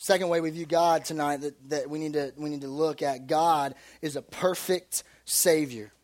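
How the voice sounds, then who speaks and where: A young adult man preaching a sermon as pastor, with lively, conversational storytelling and humor. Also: fairly high pitch, normal speed.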